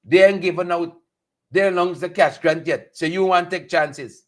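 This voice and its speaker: A man's voice: sits high, normal speed, a bit bright. A man with a Guyanese accent hosting a satirical news commentary, talking with animation and repeating lines for emphasis. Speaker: host.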